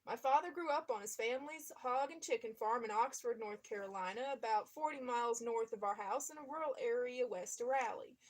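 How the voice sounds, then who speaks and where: A woman's voice: on the high side, a little fast, few pauses. Woman reading a memoir aloud. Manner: reads steadily, breaks off to comment and laugh. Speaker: reader.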